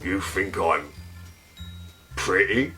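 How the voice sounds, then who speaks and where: A man voicing a huge, blunt female dragon with a slow, drawling delivery, for a bedtime storybook. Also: low voice, expressive, bright, forceful tone, faint music behind, pitched below the performer's own voice, exaggerated voice. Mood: vain.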